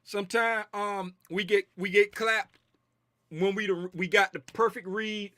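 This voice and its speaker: A man's voice: high-pitched, fairly even intonation, a little slow, bright, forceful tone, no echo. A man hosting a casual trading livestream, reading viewer comments in a loose, slangy way and repeating his phrases. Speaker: trading stream host.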